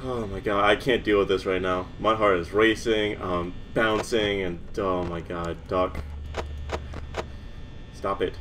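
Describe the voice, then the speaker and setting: Young man, panicky game commentary, stammering, slow talker, faint background hiss. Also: low-pitched, fairly even intonation, fairly bright tone. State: shaking with nerves. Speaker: gamer.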